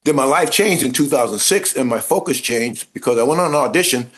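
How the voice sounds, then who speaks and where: Animated man telling stories. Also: medium pitch, fairly quick. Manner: animated, acts out voices in his stories; informal speech with dropped grammar. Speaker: interview guest, former football player turned actor. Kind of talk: casual anecdotal storytelling.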